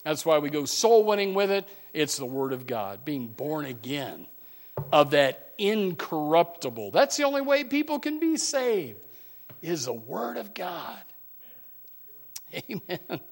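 Folksy preacher with a higher male voice. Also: very animated, measured pace. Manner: swings between quiet asides and loud emphatic preaching; folksy, joking, many fillers and restarts. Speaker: pastor. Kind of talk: sermon. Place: church, preaching to a congregation.

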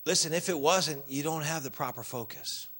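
A man preaching a sermon as pastor, swinging from loud exhortation to quiet earnest asides and acting out objections from the pews. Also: normal speed. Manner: acts out congregation objections in a higher voice.

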